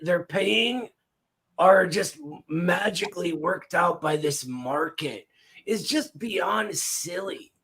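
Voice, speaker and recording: High voiced guy on a stream, exasperated, leaning hard on his points. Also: fairly bright tone. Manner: exasperated, emphatic. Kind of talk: livestream commentary.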